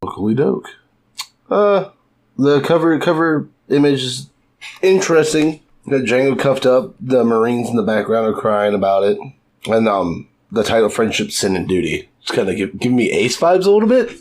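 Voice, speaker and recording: A man's voice: mid-range voice, animated, normal speed, a little mellow. A man co-hosting a podcast, giving a loose, enthusiastic recap full of filler words and the odd swear. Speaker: podcast co-host. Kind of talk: casual podcast chat.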